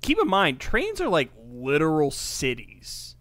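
Lively, skeptical male podcast co-host. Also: on the high side, dry recording. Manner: skeptical, quick reactions and wry asides. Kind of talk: casual podcast chat.

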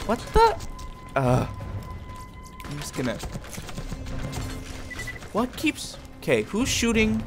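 A man hosting a video game playthrough, reading out upgrade options and trash-talking enemies in an excitable way. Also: a little high, takes it slowly, pauses often. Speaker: gaming video host. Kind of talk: let's play commentary. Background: game music and gunfire.

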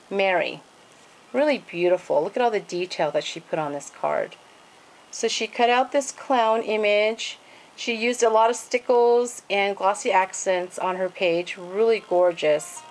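A woman's voice: mid-range voice, a little slow, rough recording. Gushing woman showing off craft pages. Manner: gushing, many fillers and "and then". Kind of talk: casual show-and-tell.

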